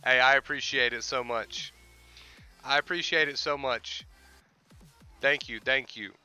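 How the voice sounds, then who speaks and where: A man's voice: medium pitch, fairly even intonation, unhurried, sharp tone, clean tone, faint music behind, rough recording. Emphatic man explaining on a livestream. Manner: repetitive, emphatic, explaining by analogy. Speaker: livestream host and life coach. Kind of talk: casual livestream talk.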